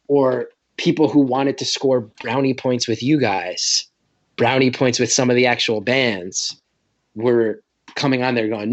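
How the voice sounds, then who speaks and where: A man's voice: mid-range voice, moderate pace, dull audio. A man in his late thirties, a comedian guest telling a story in a rambling, nervous, self-deprecating way. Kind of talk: casual podcast storytelling.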